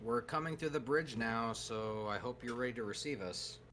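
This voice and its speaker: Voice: mid-range voice, normal speed, fairly bright tone. A player in a tabletop game, bantering playfully and announcing moves. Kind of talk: casual tabletop game chat.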